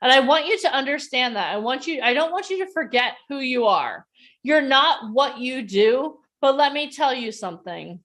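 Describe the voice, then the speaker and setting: A woman coaching participants on a video call, leading a guided breathing exercise and then a motivational talk, speaking calmly and softly at first. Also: sits high, normal speed. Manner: calm and soft in the breathing part. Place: outdoors or near the street in a neighborhood.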